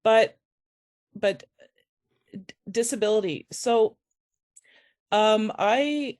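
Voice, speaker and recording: Halting, emotional woman giving a talk. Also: mid-range voice, animated. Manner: emotional, halting, many restarts. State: tearful. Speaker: faculty member speaking at a conference. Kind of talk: personal conference talk. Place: conference room.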